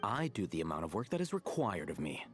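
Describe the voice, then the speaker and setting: An actor voicing an aloof, dry-witted scholar in a game, measured and deadpan. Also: male voice, low-pitched, soft background music. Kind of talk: game voice acting.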